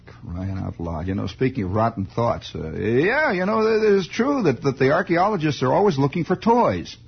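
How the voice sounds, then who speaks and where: A man's voice: mid-range voice, big pitch swings, normal speed, creaky, breathy edge. A man hosting late-night radio, delivering a wry, sardonic rambling monologue. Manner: wry, sardonic, mock-grumpy. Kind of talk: rambling monologue with sing-alongs. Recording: lo-fi old radio broadcast.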